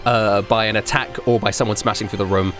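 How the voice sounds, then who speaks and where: A man's voice: fairly low pitch, fairly quick, soft background music. A man narrating as game master, rambling with many fillers. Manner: rambling, filler-heavy, animated.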